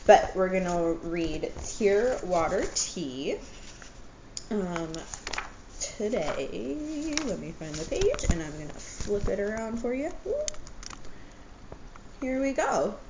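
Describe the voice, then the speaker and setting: A woman's voice: mid-range voice, sing-song, slow pace, pauses often. A woman teacher reading a picture book aloud to children in a friendly way, stopping to explain words. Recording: dull lo-fi audio with faint noise.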